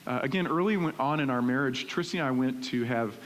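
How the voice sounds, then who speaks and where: A middle-aged male pastor preaching in a church, animated and conversational, often checking in with "right?". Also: mid-range voice, fast talker. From Texas. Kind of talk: sermon. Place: church sanctuary. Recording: reverberant church hall with faint hiss.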